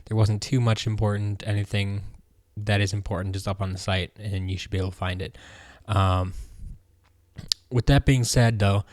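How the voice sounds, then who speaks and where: A man hosting a casual fan news roundup, relaxed and rambling with plenty of ums and restarts. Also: fairly low pitch, moderate pace, dry recording. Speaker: host of a fan news show.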